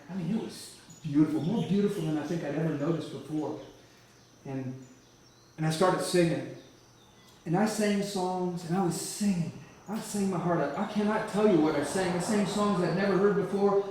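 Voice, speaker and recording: Slightly high with a darkish tone, a man's voice tells his church testimony with energy and vivid detail, frequently starting phrases over. The recording is distant and echoey in a church hall, with slight background noise.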